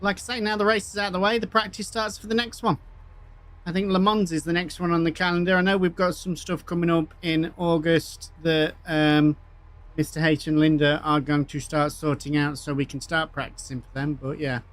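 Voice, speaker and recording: A man's voice: on the high side, fairly quick. A man chatting casually to viewers while streaming sim racing. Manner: relaxed, chatty, matey. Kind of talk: casual livestream chat.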